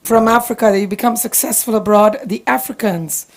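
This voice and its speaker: A woman moderates and interprets, her voice sitting at a middle pitch. She sounds emotional and apologetic and rambles as she rephrases a question. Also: brisk.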